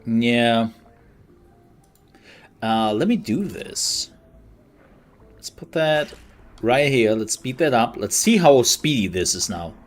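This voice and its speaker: A man giving relaxed, chatty commentary as he streams a game and thanks his viewers. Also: medium pitch, slow, pauses often. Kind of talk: casual gameplay commentary.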